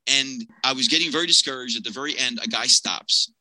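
A man in his fifties from Pennsylvania, a podcast guest telling a personal story with animated energy, acting out the people in it. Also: medium pitch, a little fast, no room sound, rough recording.

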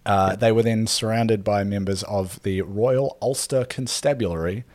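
A man casually talking through a history topic on a podcast, with lots of ums and quick laughs. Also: on the low side, a little mellow, no room sound. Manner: rambling, filler-heavy, laughs often. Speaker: podcast co-host presenting history.

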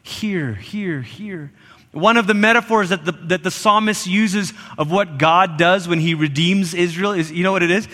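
A man delivers a sermon to his church, his voice high and ringing bright. He repeats key words with emphasis and sometimes drops almost to a whisper. A long reverb trails each phrase through the church. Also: moderate pace, few pauses. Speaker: pastor.

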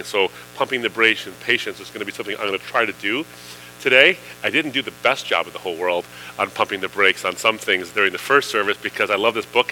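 A man's voice: lowish voice, sharp tone, a little hiss or hum, rough recording. A man preaching a sermon in a conversational way, with fillers, building to emphatic questions. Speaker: pastor.

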